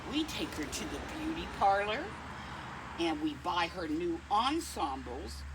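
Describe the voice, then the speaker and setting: A woman's voice: on the low side, a bit bright, a little hiss or hum. A middle-aged woman reading a picture book aloud to children, kindly, with asides to her pet dog. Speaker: storytime reader.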